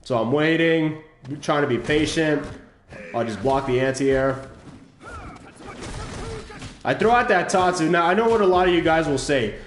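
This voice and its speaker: A man giving casual commentary over footage of his own fighting-game match, explaining his choices in a halting way with frequent restarts. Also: on the high side, animated, roomy sound, slight background noise. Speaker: channel host analyzing his own match.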